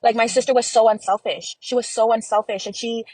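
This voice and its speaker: A woman's voice: on the high side, steady tone, a little fast, a little mellow, no room sound, poor audio. Chatty woman telling a personal story. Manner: chatty, heavy on "like" and "you know", emotional. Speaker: interview guest. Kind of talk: casual personal interview.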